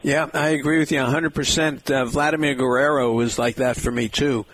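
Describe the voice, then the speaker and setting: A man hosting a sports radio talk show, lively and upbeat as he steers the conversation. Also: medium pitch, fairly quick, a little hiss or hum. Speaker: radio host. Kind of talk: casual radio chat.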